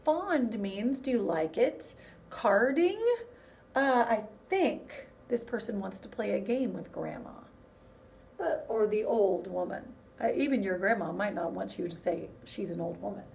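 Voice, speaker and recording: A woman teaching a music lesson to young children, in a gentle, encouraging way that speaks straight to them. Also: medium pitch, a little slow, vocal fry, recorded from a distance, slight background noise.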